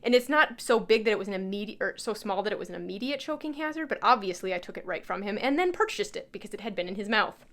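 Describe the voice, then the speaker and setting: A woman's voice: medium pitch, expressive, fast talker, few pauses, fairly bright tone. A young woman chatting enthusiastically in a casual vlog, showing off her tarot altar with many fillers and self-corrections. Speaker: tarot reader and channel host. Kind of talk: casual show-and-tell vlog.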